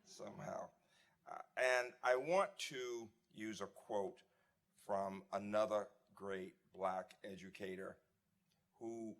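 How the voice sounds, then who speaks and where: Older man giving a reflective memorial tribute. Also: on the low side. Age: 70s. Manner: reflective, warmly reminiscing with occasional laughs and restarts. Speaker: eulogy speaker, former dean. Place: memorial service.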